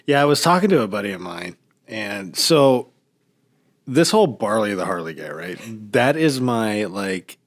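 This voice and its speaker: Casting note: middle-aged American man, low-voiced and lively storyteller, dry close sound. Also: moderate pace, gravelly, no echo. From United States. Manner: animated, mimics other people's voices in his stories. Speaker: podcast guest. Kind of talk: casual storytelling chat.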